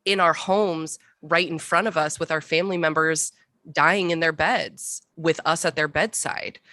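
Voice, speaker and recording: Deep, bright-toned impassioned woman. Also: steady tone, unhurried, no echo. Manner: earnest and impassioned. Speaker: book club host. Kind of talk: casual conversation.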